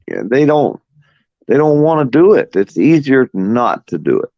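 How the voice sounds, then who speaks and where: A man's voice: mid-range voice, very animated, moderate pace, no echo. A middle-aged man telling rambling, profane stories in casual chat as a podcast host. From moved to Florida as a teenager. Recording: dull, dry sound.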